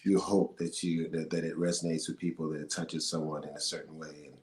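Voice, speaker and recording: A middle-aged actor and singer chats as a guest in a casual interview, recorded in an echoey room with faint noise. His very deep voice runs a little fast, and he's an animated storyteller who laughs often and uses many fillers.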